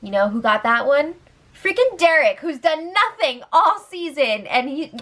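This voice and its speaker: A woman's voice: high-pitched, very animated, moderate pace, a bit bright. A young woman hosting a casual recap show, chatty and giggly, with lots of fillers. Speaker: host recapping a reality show.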